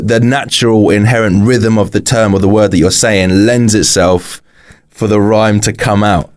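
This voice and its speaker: A man with a very low, deep British voice talks casually on a podcast. He explains at length, circling back with lots of fillers and restarts. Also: fairly even intonation, moderate pace, darkish tone. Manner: rambling, filler-heavy explanations. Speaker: podcast guest, rapper and author.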